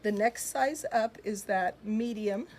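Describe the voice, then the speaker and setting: A woman hosts a live jewelry sale from her shop, speaking slowly in a mid-range voice over heavy background noise. Chatty and upbeat, she answers viewer comments, filling in with frequent fillers and laughter.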